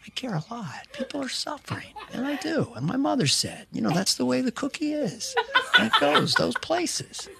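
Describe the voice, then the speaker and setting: A man's voice: very high-pitched, huge pitch swings, normal speed, gravelly, a crowd in the background, exaggerated voice. A man doing a comedy impression of a rambling elderly male politician who repeats folksy catchphrases, garbles his words and trails into whispers. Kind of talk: comedy impression on a talk show. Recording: TV clip with audience laughter.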